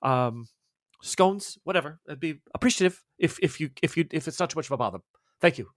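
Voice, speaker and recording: A man voicing a frail, injured young woman who is polite and genteel, speaking in a halting, stammering, apologetic way as if weak and in pain. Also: fairly high pitch, expressive, no echo, clean studio sound, voice pushed up, close to an everyday voice. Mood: timid pleading.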